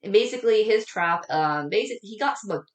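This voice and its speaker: A woman's voice: medium pitch, lively intonation, a little fast, reverberant, far from the mic. A woman co-hosting a casual movie review podcast, acting out the characters' lines with big jumps in her voice. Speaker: podcast co-host.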